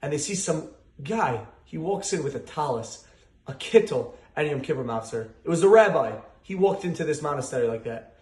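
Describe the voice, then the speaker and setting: Fast-talking young man, echoey room. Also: fairly high pitch. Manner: fast, animated telling with Hebrew and Yiddish terms. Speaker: storyteller giving a holiday message. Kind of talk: casual spoken storytelling.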